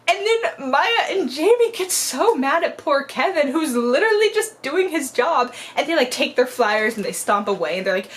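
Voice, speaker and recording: A woman's voice: sits high, normal speed. Chatty young woman reviewing a book. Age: young adult. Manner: chatty, lots of "like", animated quoting. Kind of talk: casual chat.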